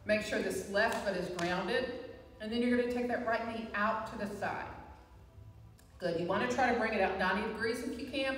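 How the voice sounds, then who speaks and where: A woman instructor guiding a live chair yoga class, with calm, encouraging cues and frequent reminders to breathe. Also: on the high side, recorded from a distance. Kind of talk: live guided fitness class. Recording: echoey hall, voice from afar.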